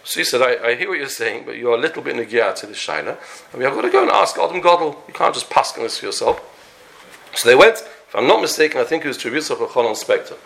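A man's voice: mid-range voice, expressive, fast, creaky, fairly bright tone. A man telling a long story in a Torah lecture, acting out the characters and sprinkling in Yiddish and Hebrew terms. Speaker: Torah teacher.

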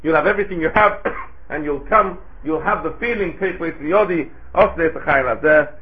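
A man's voice: fairly high pitch, a little fast. A man giving a Torah sermon, asking rhetorical questions and chanting Hebrew phrases in a lilting way. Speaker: rabbi giving a Torah talk. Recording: tinny phone-like recording.

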